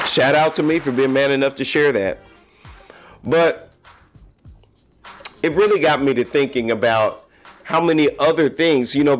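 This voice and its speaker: Male podcast host, mid-pitched, frank confessional monologue over faint music. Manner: candid, confessional, talks straight to listeners. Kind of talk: casual solo podcast monologue.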